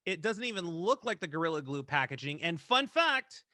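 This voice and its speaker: A man's voice: a little high, sing-song, normal speed, pushed and bright, dry recording, studio quality. A man co-hosting a podcast, chatting in an upbeat way and reading news items with asides. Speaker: podcast co-host, news reader.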